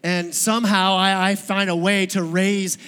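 Male pastor, high voice; conversational sermon with humor and questions to the room; long church-hall reverb. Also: flat delivery, measured pace, fairly bright tone, clear, resonant tone. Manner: conversational, joking, asks the audience questions. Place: church sanctuary.

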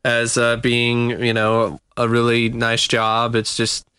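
A man co-hosting a podcast, talking casually and haltingly with lots of fillers. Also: mid-range voice, completely flat delivery, bright, forceful tone, smooth, no echo. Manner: hesitant, many fillers. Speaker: podcast co-host. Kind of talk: casual chat.

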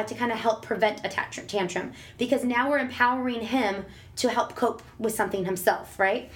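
A woman with a fairly high voice speaks in relaxed, chatty advice mode. She is animated and theatrical, jumping into playful, exaggerated voices when she quotes conversations with her child. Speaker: parent sharing advice. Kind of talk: casual advice chat.

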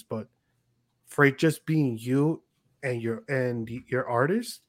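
A man's voice: medium pitch, slow, dry recording. Chatty man on a podcast, dry mic. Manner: animated storyteller, quotes himself and others. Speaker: podcast host. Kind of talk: casual chat.

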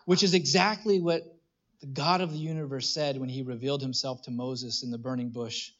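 Animated male pastor, muffled sound. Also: mid-range voice, brisk. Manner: animated, acts out voices, restarts often. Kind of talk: sermon.

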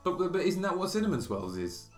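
Lively man ranting in echoey room. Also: fairly high pitch, fast talker. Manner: chatty, laughing, ranting banter. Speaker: podcast co-host. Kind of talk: casual chat. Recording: echoey room with faint music.

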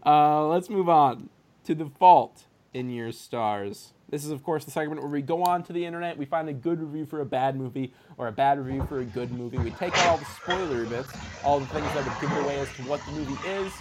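A man co-hosting a podcast in casual chat, animated and laughing, slipping into impressions. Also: on the high side, a little fast, very noisy. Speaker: podcast co-host.

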